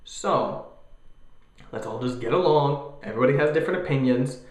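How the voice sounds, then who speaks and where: A young man in his twenties ranting casually in a vlog, animated and jokey, mocking other people's voices. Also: medium pitch, moderate pace, reverberant. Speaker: vlogger.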